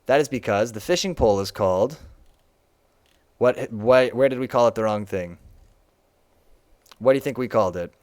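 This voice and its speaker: A man's voice: mid-range voice, normal speed, long pauses, a little mellow. A young man casually walking through his own game on a live stream, chatty and laughing often.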